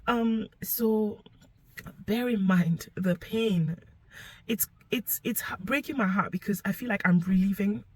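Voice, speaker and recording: A young woman telling a painful personal story to camera, emotional and halting, sometimes sinking to a whisper. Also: medium pitch, rough recording. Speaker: vlogger sharing her story.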